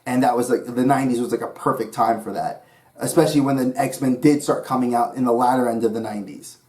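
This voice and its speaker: Rambling, enthusiastic man at mid pitch. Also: fairly even intonation, quick pace, darkish tone. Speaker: YouTube channel host. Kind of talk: casual vlog talk.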